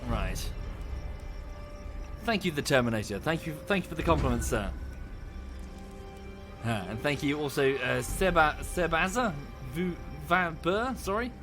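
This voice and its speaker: A man's voice: a little high, lively intonation, unhurried, pauses often. Chatty male streamer over game music. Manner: chatty, thanks viewers, thinks aloud. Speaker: streamer playing a strategy game. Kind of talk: casual livestream commentary.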